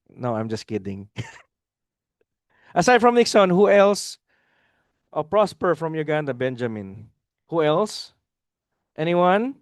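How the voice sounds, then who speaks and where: Clean studio sound with no room noise carries this webinar host's clear, mid-range voice. Addressing an online audience on a live video call, he presses his points hard, says the important lines twice, and invites people to respond in the chat.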